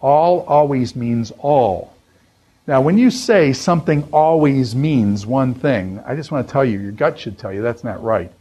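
A man's voice: mid-range voice, expressive, normal speed, few pauses, warm tone, breathy edge, dull audio. A man teaching a college Bible class in a loose, conversational way, repeating phrases and using fillers. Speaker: Bible professor. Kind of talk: classroom lecture.

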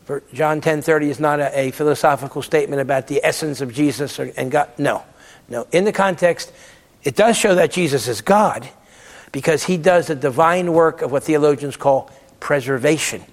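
A man's voice: a little high, normal speed, long reverb tail. A man giving a Bible lecture, emphatic and repeating words to stress his points. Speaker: theology lecturer.

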